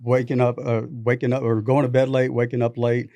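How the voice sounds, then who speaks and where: Male podcast guest, mid-pitched, animated storyteller, dry close studio mic. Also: fairly quick, no echo. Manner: animated anecdotes with quoted dialogue. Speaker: podcast guest, business founder. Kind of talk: casual storytelling.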